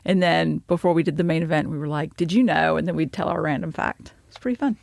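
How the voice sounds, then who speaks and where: A woman's voice: low voice, fast talker, vocal fry, darkish tone, dry recording, studio quality. A woman co-hosting a podcast, chatting casually with fillers and frequent laughs. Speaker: podcast co-host.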